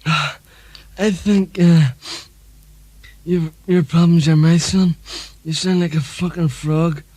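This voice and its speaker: A man's voice: fairly high pitch, steady tone, slow pace, mellow, no room sound. A man doing a boozy rambling snooker player.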